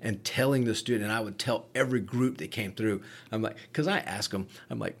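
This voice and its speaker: On the low side and a little fast, this man's voice has a breathy edge. He's a paramedic co-hosting a podcast, telling stories casually with frequent cursing and repeated restarts.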